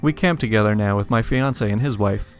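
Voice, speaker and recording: A brisk, fairly low male voice delivers funny stories from the internet in a relaxed read-aloud. Between tales he laughs and slips in wry asides, while faint music plays softly.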